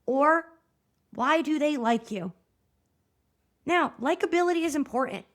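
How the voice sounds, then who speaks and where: A woman in her thirties hosting a podcast, giving a chatty, animated solo talk straight to her listeners. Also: high-pitched, a little slow. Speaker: podcast host.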